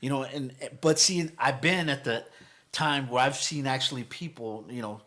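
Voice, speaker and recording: A man's voice: medium pitch, moderate pace. A man guesting on a podcast as a motivational speaker, telling stories energetically, cursing freely and acting out what people said. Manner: energetic storytelling, heavy cursing, acts out quotes. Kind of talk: casual podcast chat.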